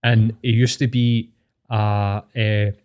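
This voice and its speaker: A man's voice: on the low side, flat delivery, takes it slowly, darkish tone, smooth. A middle-aged Scottish man hosting a podcast, telling rambling, sweary anecdotes in casual chat and calling his guest "mate". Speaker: podcast host.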